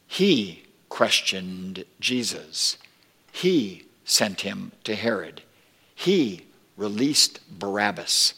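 A man preaching a sermon as pastor, slow and deliberate, rising with emphasis when quoting scripture. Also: lowish voice, sing-song, bright, forceful tone, slightly rough, long reverb tail. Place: church sanctuary.

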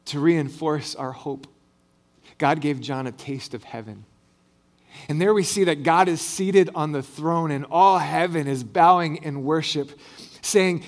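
A man with a fairly high voice delivers a sermon, swelling with energy on the big phrases and then falling low and quiet. He mixes scripture reading with a few light jokes. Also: unhurried. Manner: expressive preaching, swelling on big phrases and dropping low and soft at line ends. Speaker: pastor.

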